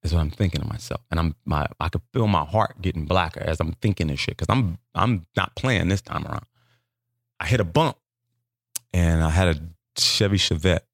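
A man's voice: deep voice, moderate pace, no room sound, studio quality. A man telling a comic story as a guest on a show, swearing freely and acting out voices. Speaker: comedian guest.

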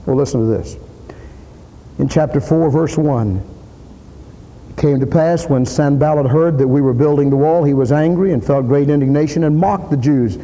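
A man preaches a sermon in a church, hammering each point again and again and climbing to loud peaks. His voice sits a little high yet sounds warm and mellow. A long reverb from the hall trails behind him. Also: normal speed. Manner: emphatic, repeating lines and rising to shouted peaks.

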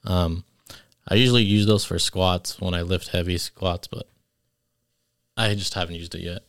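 A man's voice: low-pitched, steady tone, normal speed, clean tone, dry recording, clean studio sound. A man co-hosting a podcast, talking easygoingly with lots of hesitation. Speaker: podcast co-host. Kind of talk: casual podcast chat.

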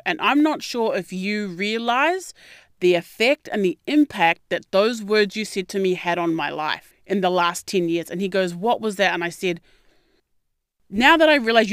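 A young adult woman, hosting a podcast and telling a personal story in a candid, expressive way, swearing freely and acting out quotes. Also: mid-range voice, clear, resonant tone, no room sound, studio quality. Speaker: podcast host. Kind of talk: casual storytelling monologue.

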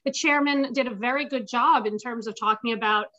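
A woman guest strategist lays out her market view confidently in a radio interview. Her voice sits a little high, and the sound is dull and lo-fi as if coming over a remote line. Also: fairly quick, bright, forceful tone. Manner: confident, explanatory.

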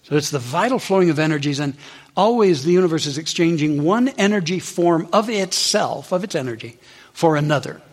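A man preaching a sermon, telling a story and acting out the people in it with lively voices. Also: a little fast, long reverb tail. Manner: storytelling with high animated voices for quoted characters. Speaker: minister.

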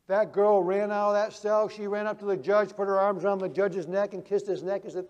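Guy preaching, storytelling with big loud-soft swings, high voice, lots of hall reverb. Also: steady tone, brisk. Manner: vivid storytelling with swings from loud emphasis to quiet. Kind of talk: sermon.

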